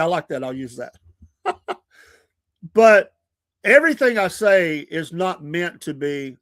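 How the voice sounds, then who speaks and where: A man hosts his own live podcast, talking earnestly and at length while often laughing at himself. His voice sits a little higher than most men's. The sound is dry and close to the mic. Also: fairly bright tone, dry recording. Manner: earnest, rambling, self-deprecating, laughs often. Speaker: podcast host. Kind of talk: casual talk on a live stream.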